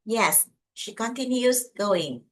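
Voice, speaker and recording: A woman's voice: fairly high pitch, animated, takes it slowly. A woman answering an English teacher's drill questions with short, careful answers and some hesitation. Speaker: English student.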